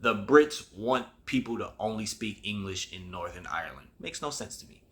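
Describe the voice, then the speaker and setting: On his own show, a man with a fairly low, expressive voice reviews a movie casually at a moderate pace. He rambles conversationally and restarts his sentences often.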